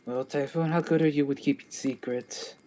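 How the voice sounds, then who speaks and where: A man's voice: fairly high pitch, fairly even intonation, normal speed, dark tone, slight background noise. Hesitant male tabletop player. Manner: hesitant, with many fillers. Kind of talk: casual tabletop play.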